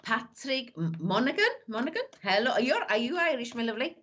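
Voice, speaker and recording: A woman's voice: on the high side, animated, brisk, fairly bright tone, lo-fi sound. A woman, a psychic medium chatting affectionately with viewers on a live stream. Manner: chatty, calls everyone "my lovely". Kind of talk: live-stream greetings and reading.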